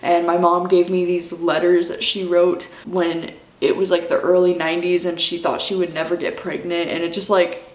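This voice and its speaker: A woman's voice: fairly low pitch, little pitch movement, moderate pace, few pauses. Gushing young woman, echoey room. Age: 20s. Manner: gushing, emotional, sprinkled with "like" and "dude". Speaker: book vlogger. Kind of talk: casual chat.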